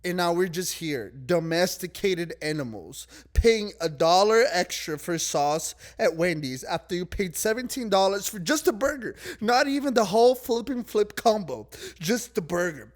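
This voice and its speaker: A man's voice: high voice, expressive, normal speed, few pauses. A young man ranting in a casual vlog, rambling and exasperated, swapping swear words for milder ones. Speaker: vlogger.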